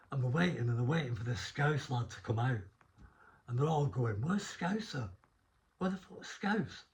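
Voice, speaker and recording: A man's voice: mid-range voice, a little mellow. A middle-aged man with a Northern English accent, a former prison officer telling rambling anecdotes in a casual interview. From Northern England. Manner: rambling anecdotes, restarts, mild swearing.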